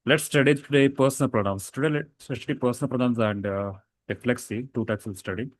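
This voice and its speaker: A man's voice: mid-range voice, quick pace, no echo. A man teaching a casual grammar lesson, explaining rules with fillers and self-corrections.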